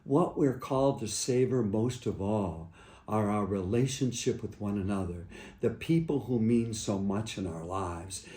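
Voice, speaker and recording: A man who is a priest, sharing a gentle personal reflection in a halting, heartfelt way with many restarts. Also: on the low side. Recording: echoey room.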